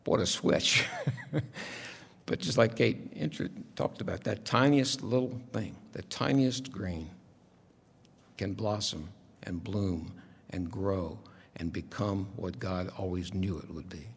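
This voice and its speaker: A man's voice: low-pitched, slow pace, creaky, husky. A male pastor preaching a sermon in a conversational, reflective storytelling way, heard in a church sanctuary. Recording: long reverb of a large hall.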